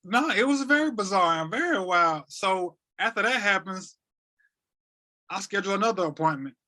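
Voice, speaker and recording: Bright-voiced man in his thirties, animated storyteller. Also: sits high, moderate pace. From North Carolina, USA. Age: 30s. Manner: animated, repeats words, acts out quoted dialogue. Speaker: podcast guest. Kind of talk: emotional storytelling.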